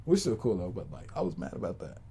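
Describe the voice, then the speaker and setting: Profane, animated man ranting. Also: deep voice, fast talker, slightly rough. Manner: animated, profane, slangy, rambling with repeats. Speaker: podcast host. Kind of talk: casual rant storytelling.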